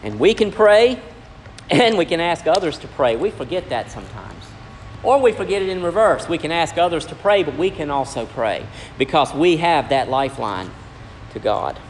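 A man preaches a sermon in a church hall, his voice sitting a bit high. He swings between raised, ringing lines and quiet, hushed ones. Long reverb trails every phrase over a faint room hum. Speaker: pastor.

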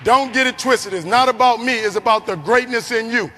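New Orleans man, very high voice, animated motivational speaker, big hall echo. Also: brisk, a little hiss or hum. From New Orleans, Louisiana. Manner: animated, acts out voices in his story. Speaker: keynote speaker. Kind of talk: motivational storytelling speech. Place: large conference hall. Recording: long hall reverb.

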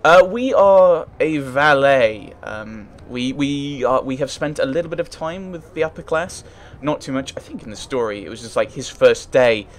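A man's voice: mid-range voice, expressive, normal speed, few pauses, slight background noise. A man playing a story game, reading its text aloud and thinking aloud in casual, hesitant commentary. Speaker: let's play gamer.

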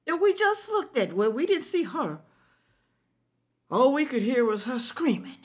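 Indignant woman with a lively, rising voice. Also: high voice, slightly rough. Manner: indignant, preachy, addresses viewers as y'all. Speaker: reaction video host. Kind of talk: reacting and commenting to viewers.

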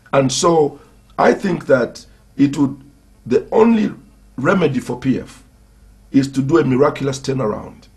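A Zambian man answering as a political guest in a TV interview, speaking in deliberate, emphatic phrases that repeat for force. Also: medium pitch, vocal fry, a little mellow. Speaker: party president, interview guest.

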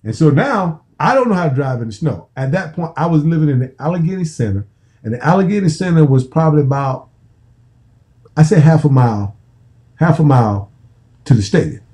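Man in his fifties, american, former football player, casual profane storytelling, very dark voice. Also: fairly high pitch, expressive, brisk, poor audio. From United States. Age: 50s. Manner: profane, repetitive, restarting phrases.

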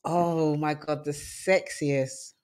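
A woman's voice: sits low, fairly even intonation, takes it slowly, a little mellow. A woman co-hosting a casual radio show, teasing and coy, often laughing as she talks. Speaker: radio co-host.

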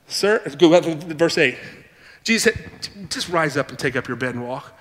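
A man preaching in a church with a high, bright, forceful voice. He reads scripture, then breaks into animated asides and acts out the people he quotes. The sound carries a long hall reverb. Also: a little fast. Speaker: pastor. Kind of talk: sermon. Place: church sanctuary.

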